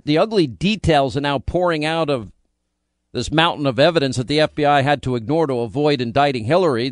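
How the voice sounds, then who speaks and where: A man at a studio microphone rants indignantly as a talk radio host, firing off one rhetorical question after another. His voice sits a little higher than most men's. The sound is close and dry, with no room around it. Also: no room sound.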